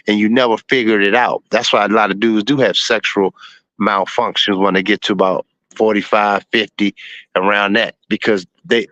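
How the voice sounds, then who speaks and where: A man's voice: lowish voice, a bit bright, dry recording. A man in his forties telling stories in a blunt, profane way during a casual podcast chat. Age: 40s. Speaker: show host.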